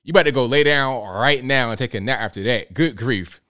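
A man's voice: mid-range voice, a little fast, heavy background noise. A man hosting a live show, reacting to clips with slangy jokes and frequent laughter. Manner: joking, slangy, laughs often. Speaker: host.

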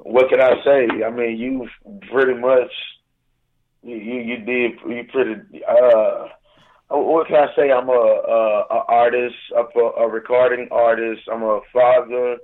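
A man with a Southern accent, a radio show guest, speaking in a raspy, just-woken voice, halting and repeating words. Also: medium pitch, level tone. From Southern United States. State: just woke up, hoarse after a long show. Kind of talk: casual radio interview. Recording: tinny phone line.

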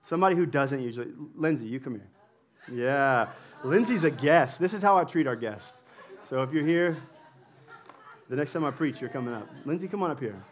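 A man's voice: mid-range voice, lively intonation, fairly quick. A male pastor preaching to his congregation in a playful, chatty way and laughing often as he brings volunteers up on stage. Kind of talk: sermon with audience interaction. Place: church hall with congregation.

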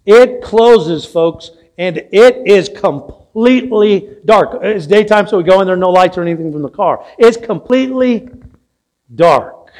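Older male pastor with a high voice, preaching in a storytelling way. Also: animated, a little slow, darkish tone. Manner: storytelling, asks the audience questions. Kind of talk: sermon. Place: church sanctuary.

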